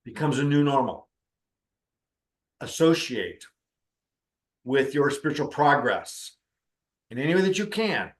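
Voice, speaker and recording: A man's voice: medium pitch, sing-song, measured pace, long pauses, roomy sound. A middle-aged man, a spiritual teacher and counselor, telling a story in a conversational way and acting out the dialogue. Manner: conversational, acts out quoted dialogue. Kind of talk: storytelling talk on spiritual practice.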